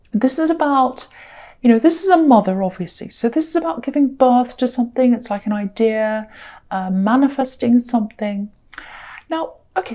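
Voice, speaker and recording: Soft-toned woman reading tarot cards. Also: a little high. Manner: gentle, reassuring, rambling with many fillers and restarts. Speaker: tarot reader. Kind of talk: solo tarot reading to camera.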